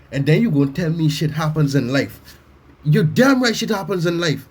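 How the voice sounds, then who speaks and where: A man giving a loud, blunt comic reaction rant, swearing and mocking as he talks. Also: a little high, animated, normal speed, breathy edge. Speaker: reaction commentator. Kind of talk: profane comedic reaction rant.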